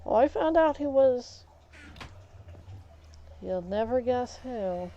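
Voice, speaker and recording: Woman streamer, unhurried and rambling, soft dark tone, casual storytelling. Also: a little high, lively intonation, lo-fi sound. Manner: rambling, full of fillers and restarts. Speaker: live streamer. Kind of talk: casual storytelling while gaming.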